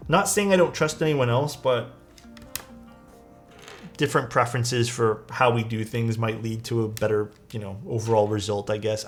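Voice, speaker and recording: Man, streamer, relaxed casual chat, answering viewers, faint background music. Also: medium pitch. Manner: relaxed, chatty, reads and answers chat while working. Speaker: streamer building a keyboard.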